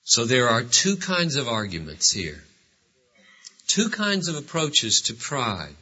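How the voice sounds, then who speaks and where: A man's voice: mid-range voice, wildly swooping pitch, breathy edge. Emphatic, tense-voiced male preacher. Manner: emphatic, with sudden swings in loudness; rhetorical questions, drawn-out phrases. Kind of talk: sermon. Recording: dull lo-fi sermon recording.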